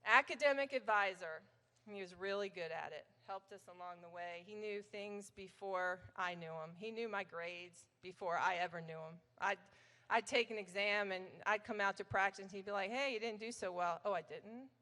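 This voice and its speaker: A woman's voice: mid-range voice, moderate pace, pushed and bright. A middle-aged woman giving a chatty, anecdotal hall of fame acceptance speech at a banquet, telling stories about her old coach. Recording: long hall reverb.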